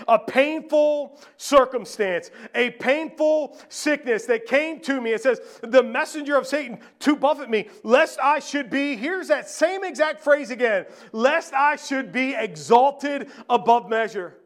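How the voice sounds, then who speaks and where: Male preacher, very high-pitched; sermon delivery with scripture readings, loud-to-hushed swings. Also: a little slow, hardly any pauses. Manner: rhetorical questions, swings from raised to hushed; reads scripture aloud, repeats phrases.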